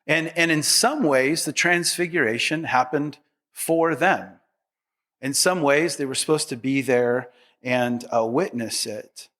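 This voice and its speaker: A man's voice: mid-range voice, a little slow, bright, forceful tone. A middle-aged man preaching a sermon as pastor, conversational and humorous, with asides to the congregation.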